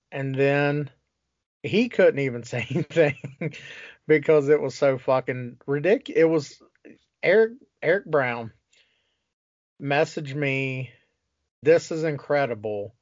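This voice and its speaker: A man's voice: medium pitch, no room sound. A man co-hosting a casual sports talk show, ranting with exasperation and plenty of swearing. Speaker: podcast co-host. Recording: dull lo-fi sound.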